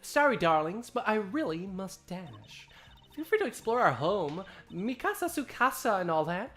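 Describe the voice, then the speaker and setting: A man's voice: sits high, big pitch swings, normal speed, a bit bright, pitched above the performer's own voice. A man putting on a gushing diva warden lady. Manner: grand, sugary, pompous delivery with fake airs. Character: flamboyant affected woman prison warden, theatrical diva. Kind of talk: game voice-over dub.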